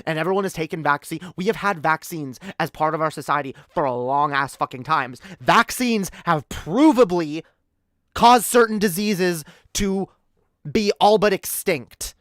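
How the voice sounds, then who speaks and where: A woman's voice: fairly low pitch, lively intonation, moderate pace, no room sound. Fiery, profane ranting woman, dry sound. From Canada. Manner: angry, profane, with frequent restarts and repeated words. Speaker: streamer. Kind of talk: ranting commentary on a live stream.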